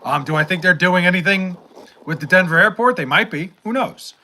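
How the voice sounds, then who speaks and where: Bright-voiced young man rambling casually. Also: sits high, expressive, fairly quick. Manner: rambling, profane, with many fillers and restarts. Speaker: livestream host reading chat. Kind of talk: casual livestream chat.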